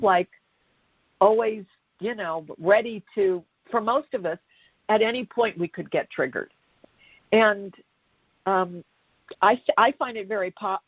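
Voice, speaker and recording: A woman coaching on relationships over a phone interview, speaking soft and thoughtful with frequent restarts. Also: medium pitch, slightly rough, dry recording, highs cut off. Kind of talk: phone interview, reflective talk.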